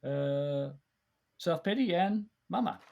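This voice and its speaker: The recording is muffled, and the man's fairly high, creaky voice is expressive and slow. Guesting on a podcast, he reminisces in casual chat, telling warm, rambling stories full of restarts and fillers.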